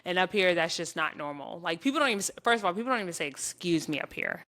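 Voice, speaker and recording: A young adult woman from the States, co-hosting a podcast and telling animated stories in casual chat. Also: fairly low pitch, fast. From southern Virginia, US. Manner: animated storyteller, addresses listeners as y'all. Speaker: podcast co-host.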